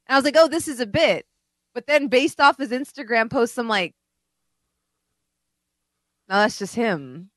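A woman's voice: high voice, fairly quick, fairly bright tone, no echo. A woman co-hosting a podcast, chatting casually in a blunt, sarcastic way with lots of "like.". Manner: blunt, sarcastic, says "like" often. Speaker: podcast co-host. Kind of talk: casual chat.

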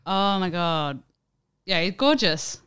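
A young woman, co-hosting a podcast, teasing her friend and quick with jokes. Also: on the low side, animated, fairly bright tone, clean tone, dry recording. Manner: teasing, quick-witted, laughing along. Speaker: podcast co-host. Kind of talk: casual chat.

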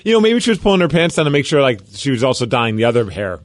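Fast animated radio co-host. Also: male voice, mid-range voice, no echo. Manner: fast, animated, reads listener texts. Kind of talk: morning radio banter. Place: radio studio.

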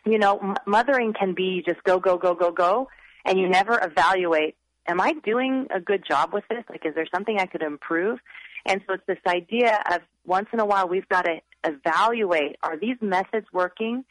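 A woman's voice: mid-range voice, normal speed, no room sound, rough recording. A woman author, a guest on a radio interview, earnestly giving upbeat parenting advice.

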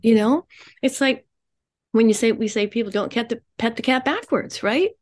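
A middle-aged woman life coach speaking as a guest, expressive and animated, often laughing and acting out quoted voices. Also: a little high, moderate pace. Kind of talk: animated interview talk.

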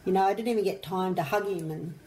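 A woman's voice: medium pitch, fast talker, mellow, slight background noise. A middle-aged Australian woman, a mother recounting events in an interview, speaking in an earnest, plain-spoken way. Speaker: mother of a missing man. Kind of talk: emotional interview recollection.

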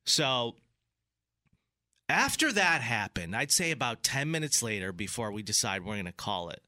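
Animated man telling a bar story. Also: mid-range voice, moderate pace, dry recording, clean studio sound. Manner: animated, acts out other people's voices in his stories. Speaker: storyteller on a chat show. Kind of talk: casual chat, animated storytelling.

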